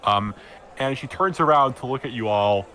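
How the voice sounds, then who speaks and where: A man's voice: mid-range voice, normal speed, bright, forceful tone, slight background noise. A man serving as game master, narrating a tabletop game with a rambling, filler-heavy delivery.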